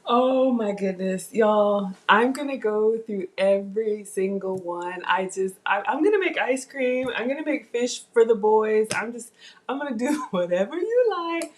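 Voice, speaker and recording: A woman hosting a cooking livestream, emotional and close to tears, speaking in a halting, heartfelt way. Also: mid-range voice, expressive. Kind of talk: casual live-stream chat.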